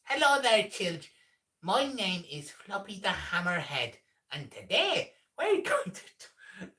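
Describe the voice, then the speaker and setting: Cartoon hammerhead shark, very high squeaky voice, mock irish lilt, loud crisp enunciation, bright and forceful, off-mic. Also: male voice, huge pitch swings, measured pace, far from the mic, heavily acted. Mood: cheery. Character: chirpy cartoon hammerhead shark greeting children.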